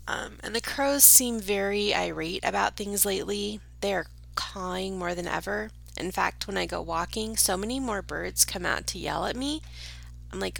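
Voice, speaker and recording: A woman's voice: medium pitch, unhurried, creaky, fairly bright tone. A woman co-host telling wry neighborhood stories in a casual, comic way, often dropping to a whisper for her asides.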